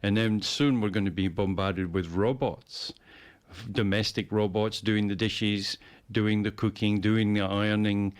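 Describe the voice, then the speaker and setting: A man's voice: fairly low pitch, steady tone, unhurried, smooth. A man in casual conversation, rambling and repeating words as he muses. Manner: rambling, repeats words, puts on playful voices. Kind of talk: casual chat.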